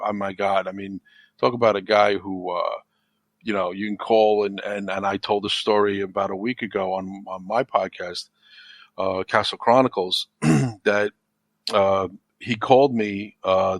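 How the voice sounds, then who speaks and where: A middle-aged man in casual podcast talk, rambling and repeating words, turning animated when he tells a story. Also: lowish voice, no echo. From United States. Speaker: podcast guest. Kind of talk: casual chat.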